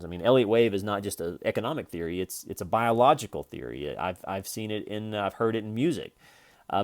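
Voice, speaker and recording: Male trading instructor, low-pitched, casual and wandering, records from his computer. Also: darkish tone. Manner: loose, jokey, rambling with fillers and restarts. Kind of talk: casual screen-share trading lesson.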